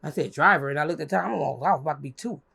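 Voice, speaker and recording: A young woman telling a story as an interview guest, animated and profane, acting out what others said in a high voice. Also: racing, vocal fry, breathy edge. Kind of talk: casual storytelling.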